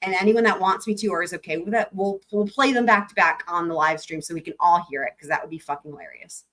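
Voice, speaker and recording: A woman's voice: fairly low pitch, fast talker, fairly bright tone. A woman hosting a live stream, chatting casually and laughing while reacting to trial footage, swearing freely.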